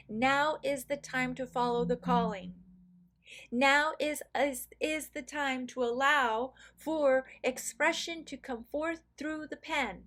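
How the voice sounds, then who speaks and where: A woman voices a council of kindly star beings in a channeled message, high-pitched and unhurried. Each point is pressed home with slow, emphatic repetition. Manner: slow, emphatic, repeats key phrases. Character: collective of benevolent star beings, urgent, encouraging.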